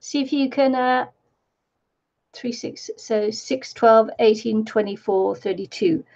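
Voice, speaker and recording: A woman's voice: fairly high pitch, takes it slowly, darkish tone. A woman hosting a crafting livestream, chatting casually and laughing often as she reads viewer comments. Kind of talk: casual chat while crafting. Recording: dull lo-fi stream audio.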